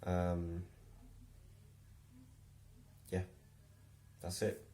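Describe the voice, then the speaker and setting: A man's voice: low voice, monotone, extremely slow, dark tone, slight background noise. Rambling man telling a story. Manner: rambling, with many restarts and chuckles. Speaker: vlogger. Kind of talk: casual storytelling, then reflective musing.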